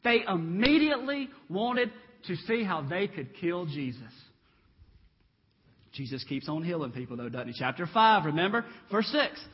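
A man preaching a lively sermon, acting out the voices in the Bible stories as he retells them. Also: high voice, normal speed, slightly rough. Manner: animated storytelling, acts out Bible voices. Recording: dull reverberant hall.

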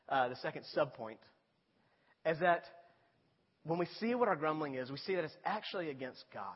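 A pastor preaching to his congregation in a fairly high, husky voice. He talks plainly and rises to emphatic appeals. The sound is dull and carries a long reverb from a large hall. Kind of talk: sermon.

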